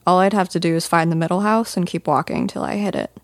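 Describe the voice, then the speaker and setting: A woman's voice: lowish voice, steady tone, fast talker, no room sound. A woman narrating a first-person fantasy audiobook in a dry, wry storytelling manner.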